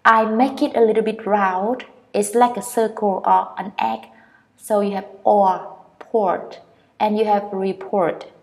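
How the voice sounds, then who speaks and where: A woman teacher with a Vietnamese accent talks through an English pronunciation lesson at a slow, deliberate pace. She repeats every word several times and stretches its vowel sounds for learners. Her pitch sits in a middle range. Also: fairly even intonation, darkish tone.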